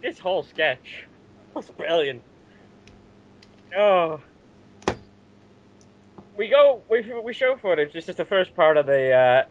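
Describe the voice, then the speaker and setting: A British man hosting a casual wrestling recap chat, animated and often laughing as he acts out quotes. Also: fairly high pitch. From Britain. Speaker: show host. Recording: dull lo-fi audio.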